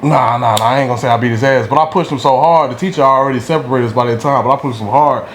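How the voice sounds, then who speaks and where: A man's voice: medium pitch, very fast. A rambling man, echoey room. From Durham, North Carolina. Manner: rambling, street slang, frequent "you know what I'm saying". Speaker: podcast guest. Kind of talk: casual storytelling. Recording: echoey room, faint background hum.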